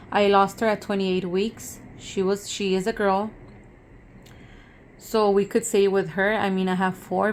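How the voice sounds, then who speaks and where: A woman in her thirties talking earnestly to camera in a personal vlog. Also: medium pitch. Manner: earnest, conversational, emotional at times. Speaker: vlogger.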